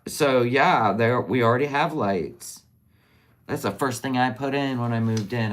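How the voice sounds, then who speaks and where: A woman's voice: rumbling low, moderate pace, slight background noise. A middle-aged woman hosting a casual livestream. She talks tenderly and openly emotionally, rambling and trailing off mid-sentence. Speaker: livestream host.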